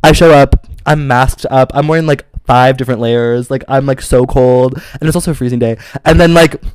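A man's voice: medium pitch, brisk, a little mellow, smooth, dry recording. A man co-hosting a podcast in casual chat, telling stories in a dramatic, campy way while recovering from illness. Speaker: podcast co-host.

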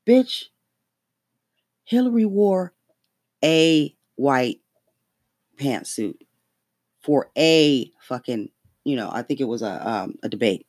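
A podcast host in a casual political rant, talking in a profane, heated, emphatic way with sudden leaps in pitch when outraged. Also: very animated, slow pace, long pauses, darkish tone, dry recording, studio quality.

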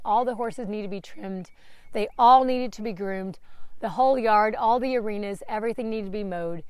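A woman in her late thirties hosts a podcast, delivering a candid, emotional personal monologue and swearing freely. Her voice is slightly high, and the recording is dry with a clean studio sound.

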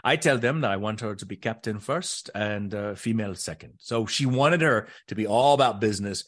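Guesting in a casual interview, a middle-aged male actor spins stories with animation, performing the voices of everyone he quotes. His voice is lowish and runs a little fast.

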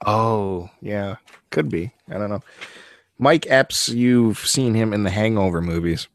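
A man hosts a casual podcast, teasing his co-host and laughing often. His voice sits low and the sound is dry and close. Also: measured pace, dry recording. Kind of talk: casual chat.

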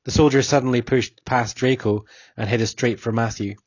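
A man reading a story aloud in a steady, even way. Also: mid-range voice, moderate pace, no room sound, highs cut off. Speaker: narrator.

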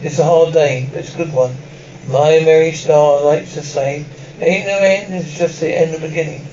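A man reading a film's dialogue and sound cues aloud in one plain, even voice. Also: on the high side, normal speed, recorded from a distance, muffled recording, a little hiss or hum.

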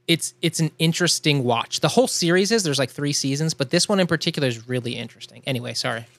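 Rambling, somewhat high-voiced man. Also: expressive, fast, gravelly, fairly bright tone, dry recording. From Northeast Philadelphia region. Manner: rambling, self-interrupting. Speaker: podcast co-host. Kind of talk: casual chat reacting to a TV show.

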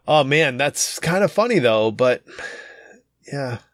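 A man in relaxed conversation, mostly asking questions and reacting to his friend's story. His voice is mid-pitched and recorded close and dry, with no room echo. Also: takes it slowly. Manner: relaxed, asks follow-up questions. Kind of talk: casual chat.

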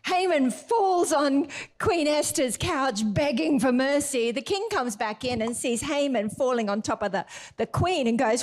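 A woman delivering a sermon in an animated, expressive way. Her voice sits a bit high, and she shifts from lively storytelling to steady scripture reading. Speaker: preacher.

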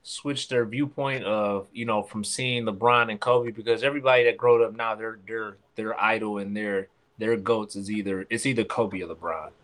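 A man's voice: on the low side, fairly even intonation, normal speed, hardly any pauses, a bit bright. Emphatic man asking questions. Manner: emphatic, asks questions, swears casually. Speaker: podcast co-host. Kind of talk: casual chat.

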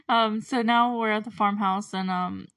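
A woman's voice: on the high side, lively intonation, a little slow, fairly bright tone, dry recording. Young female podcast host, casual rambling recap, giggly and quizzical; dry, slightly distant mic. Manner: rambling, chatty, laughs often, puzzled asides.

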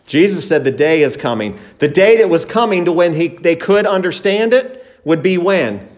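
A pastor delivers an emphatic sermon in a fairly high male voice. He slows down to stress words and lifts his voice when acting out quoted speech. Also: lively intonation. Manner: emphatic preaching, acts out quoted disciples in a raised voice.

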